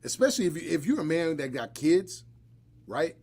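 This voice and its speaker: Gravelly with a breathy edge, this fairly high-pitched man speaks at normal speed as host of a live podcast; he is an adult and married. He chats bluntly and casually, cracking joking asides and telling animated stories.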